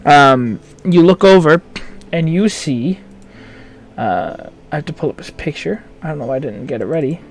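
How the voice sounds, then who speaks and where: A man running a tabletop game as dungeon master, narrating scenes with many pauses and self-corrections. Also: on the high side, animated, a little hiss or hum. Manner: halting, full of ums and self-corrections.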